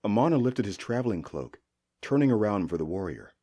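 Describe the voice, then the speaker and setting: Husky low-voiced male audiobook narrator. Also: fairly quick. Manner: expressive storytelling delivery.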